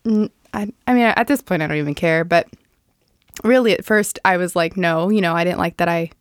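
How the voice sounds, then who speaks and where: A woman co-hosting a podcast in easy, casual chat. She tells stories with animated energy and laughs often, in a somewhat low voice. The sound is close and dry. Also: brisk, smooth, no echo. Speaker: podcast co-host.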